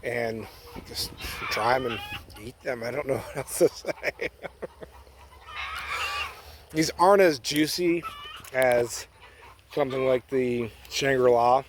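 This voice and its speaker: A man giving a casual outdoor garden vlog among his fruit trees, chatty and relaxed, sometimes talking around a mouthful of berries. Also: medium pitch. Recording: outdoor noise with chickens and a rooster.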